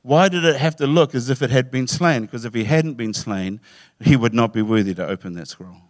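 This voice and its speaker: A man delivers a sermon in a middle-pitched voice. He tells the story in a lively way, slipping into acted voices. The sound is dry and close. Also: brisk, dry recording. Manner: animated storytelling, acting out voices with laughs. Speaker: preacher.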